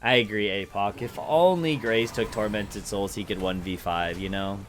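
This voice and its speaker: A man giving energetic live play-by-play commentary on a video game and chatting with viewers, his voice cracking upward at exciting moments. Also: lowish voice, moderate pace, faint music behind. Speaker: esports caster and streamer.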